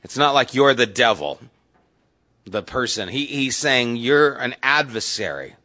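A man's voice: mid-range voice, animated, unhurried, sharp tone. A man teaching a Bible study class in a conversational way, putting questions to the group.

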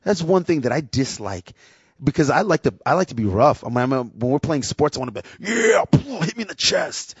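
A man's voice: medium pitch, fast talker, breathy edge, no echo. A man preaching a sermon in a candid, conversational way, acting out little quotes as he goes. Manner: conversational, candid, acts out quotes in lively voices. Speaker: preacher and worship leader. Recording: dull, dry lo-fi sound.

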